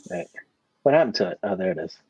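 A man with a slightly husky voice runs a casual podcast. His pitch jumps around animatedly as he jokes and reacts with enthusiasm. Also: lively intonation, fast, darkish tone, no echo, highs cut off. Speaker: podcast host. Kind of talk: casual chat.

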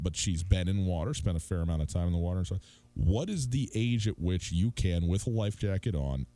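A man in his thirties hosting a radio talk show, chatting casually and getting animated as he asks listeners to weigh in. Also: sits low. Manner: lively, animated storytelling with rising emphasis. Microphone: studio microphone.

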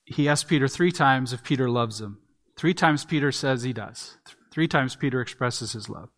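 A man's voice: medium pitch, moderate pace, fairly bright tone. A man preaching an earnest expository sermon, leaning on emphatic repeats. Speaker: pastor.

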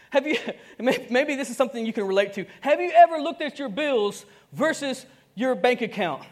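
Male pastor, high-pitched voice, animated storytelling sermon, chuckles, swings from soft to loud. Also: moderate pace. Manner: animated, acts out dialogue with sudden soft and loud turns; conversational, chuckles often, uses slang.

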